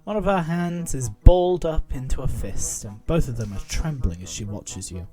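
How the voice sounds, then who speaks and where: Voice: medium pitch, expressive, moderate pace, music in the background. A co-host reading second-person narration from a visual novel aloud, with wry asides.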